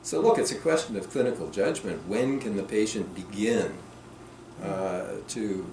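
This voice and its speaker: Man, author at a workshop, reflective clinical talk, distant from the mic, echoey room, faint hiss. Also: on the low side. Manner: thoughtful, slows down and trails off softly. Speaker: author answering questions at a workshop. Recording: roomy and distant with faint noise.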